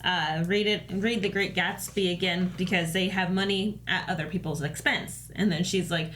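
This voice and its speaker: A woman's voice: lowish voice, steady tone, normal speed, hardly any pauses, a bit bright, a little hiss or hum. A middle-aged woman co-hosting a TV reaction show, chatting casually, laughing often and retelling scenes with animation. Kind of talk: casual chat.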